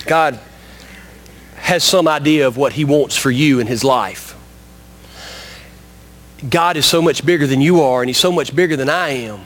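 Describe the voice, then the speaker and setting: A man preaching a sermon in a church in a high voice. He is emphatic and repeats his points, speaking straight to his listeners as friends. He slows down to stress the key lines. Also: fairly bright tone. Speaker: pastor.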